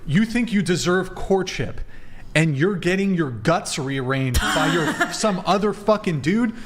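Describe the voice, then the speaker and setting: Crude, mocking male debate host with a high, lively voice. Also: unhurried. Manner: crude, mocking, laughing through his lines. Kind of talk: heated debate.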